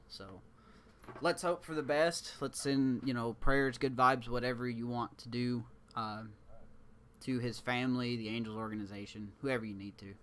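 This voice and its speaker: A man's voice: medium pitch, pushed and bright. A man co-hosting a sports podcast in loose, rambling, jokey casual chat. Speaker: podcast co-host.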